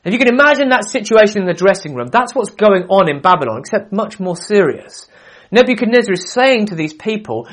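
Animated man preaching a sermon. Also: high-pitched, fairly quick. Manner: animated storytelling, acts out quoted lines.

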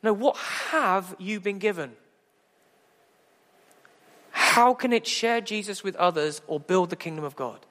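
A man preaching a sermon as pastor, lively and humorous, asking the congregation rhetorical questions. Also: fairly high pitch. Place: church. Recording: echoey church hall.

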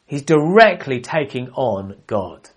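A man preaching a sermon, telling a Bible story with animated delivery and acting out the quoted lines. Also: mid-range voice, slow pace, slightly rough.

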